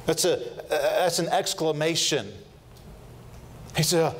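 A pastor with a fairly high, expressive voice preaches earnestly. He pauses often with fillers, restarts his phrases, and takes his time over scripture quotations.

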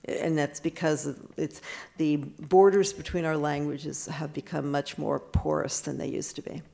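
A woman's voice: sits low, flat delivery, creaky, dark tone. An older American woman, an author, chatting with an audience at a book event and often restarting her sentences. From United States. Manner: chatty, with frequent restarts and quick asides. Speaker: author answering audience questions. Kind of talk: casual talk at a book event.

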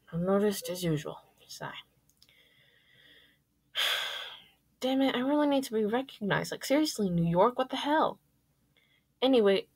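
A woman reading her first-person fan fiction aloud, lively and jumping up on exclamations. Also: on the low side.

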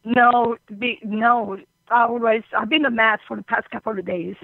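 A woman calling in to a radio show, crying and halting, often apologizing as she talks about a loss. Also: a little high, steady tone, vocal fry, no room sound. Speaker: caller. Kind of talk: call-in phone conversation. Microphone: telephone. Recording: tinny phone line.

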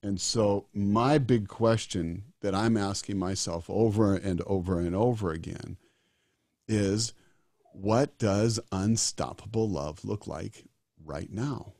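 A disaster doctor in his sixties, appearing as a guest, speaks earnestly and emphatically in an interview, repeating his key phrases. His voice is on the low side and darkish in tone, and he talks slowly. The studio-quality recording has no room sound.

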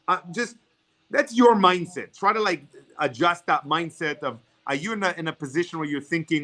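A man whose first language is not English gives energetic networking advice over a video call. He often repeats words as he starts sentences. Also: fairly high pitch, moderate pace. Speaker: networking guest speaker.

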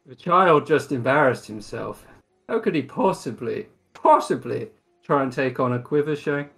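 A man's voice: medium pitch, animated, normal speed, gravelly, a bit bright, soft background music. A man voicing a cocky male adventurer in a tabletop game, with a taunting, smug manner.

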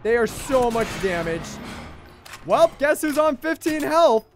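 A young man streaming a game, excitable, swinging between shouting at the game and grumbling. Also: very high-pitched, unhurried, a little hiss or hum. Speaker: gaming livestreamer. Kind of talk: livestream gameplay commentary.

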